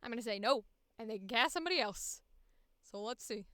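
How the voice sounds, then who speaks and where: A woman's voice: fairly high pitch, animated, fairly quick, bright, forceful tone, dry recording, studio quality. A woman voice actor chatting casually on her livestream, thinking aloud and laughing at herself. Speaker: voice actor streamer.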